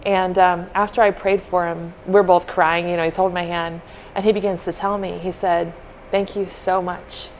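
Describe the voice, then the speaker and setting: A woman with a slightly low voice tells a story on a podcast in an earnest, heartfelt way. Her tone stays casual and she softly acts out what people said. Faint ambience sits behind her. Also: flat delivery, normal speed, slight background noise, low-quality recording. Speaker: podcast co-host.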